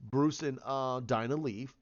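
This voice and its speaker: A man talking through a plot he made up, in a loose, rambling way full of restarts and little fillers. His pitch sits right in the middle for a man. The recording is dull and lo-fi. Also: a little slow. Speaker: fan pitching a movie idea. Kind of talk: casual retelling.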